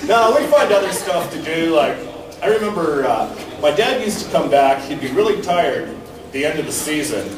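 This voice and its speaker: A man performing a stand-up comedy set, telling stories deadpan, each ending on a punchline. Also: fairly high pitch, normal speed. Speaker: stand-up comic. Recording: roomy, distant mic with background noise.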